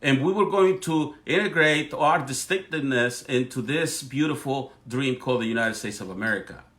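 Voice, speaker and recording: A man's voice: medium pitch, normal speed, fairly bright tone. A middle-aged man whose first language is Spanish, speaking English with a Spanish accent as he hosts a livestream. He delivers a fervent political monologue, often restarting his sentences. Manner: fervent, speechifying, frequent restarts. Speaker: livestream host.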